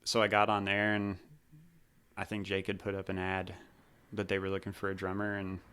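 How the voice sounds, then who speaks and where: A man's voice: sits low, monotone, moderate pace, sharp tone, a little hiss or hum. A man in his thirties from Missouri, a former drummer telling laid-back, rambling stories in a casual interview.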